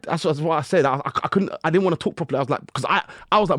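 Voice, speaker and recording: A man, a guest musician on a podcast, telling stories in lively slang and acting out his own inner voice. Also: a little high, racing, dry recording, clean studio sound. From United Kingdom. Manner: animated storytelling with slang and acted-out self-talk. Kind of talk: casual podcast conversation.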